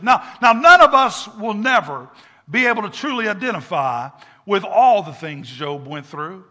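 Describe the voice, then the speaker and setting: A man's voice: extremely high pitch, bright, forceful tone. A man preaching a sermon as pastor, repeating words for emphasis and leading call and response. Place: church sanctuary with congregation. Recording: echoey church hall.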